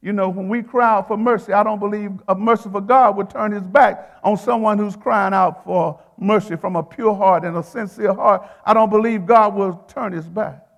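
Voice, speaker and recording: A man's voice: high-pitched, steady tone, moderate pace, gravelly, few pauses, big-room sound. A male preacher delivering a sermon in a rhythmic, repeating style. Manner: rhythmic, repeats phrases, calls to the congregation.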